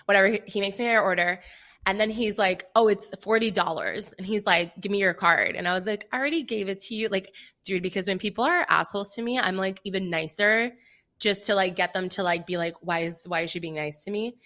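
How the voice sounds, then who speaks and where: Bright-voiced young woman telling a story. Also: medium pitch, a little fast. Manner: animated storytelling, acting out quoted dialogue, frequent "like". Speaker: podcast co-host. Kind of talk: casual chat.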